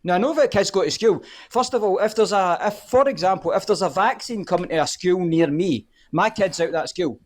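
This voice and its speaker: A man's voice: sits high, animated, a little fast, few pauses. A man, a guest on a live podcast, ranting heatedly and swearing often. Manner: fired up, swearing often, repeats "the whole point is".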